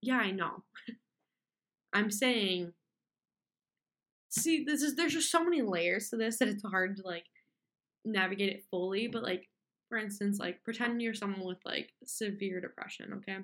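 A woman's voice: mid-range voice, moderate pace, pauses often, a bit bright. Candid rambling young woman. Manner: candid, rambling, with frequent fillers and self-interruptions; mocks complainers with whiny put-on voices. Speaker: podcast host. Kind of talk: casual solo monologue.

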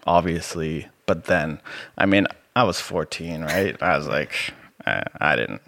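A man with a soothing voice, sharing his personal story as a podcast guest in a relaxed, rambling way with many fillers. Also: extremely low pitch, unhurried, creaky, no echo. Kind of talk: casual personal testimony.

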